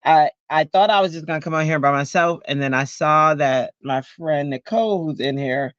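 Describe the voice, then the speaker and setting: Making cards on a livestream at home, a man rambles chattily, says hello to viewers, and leans on lots of fillers. He speaks at a normal pace in a slightly high, somewhat bright voice, captured in a dry, dull recording.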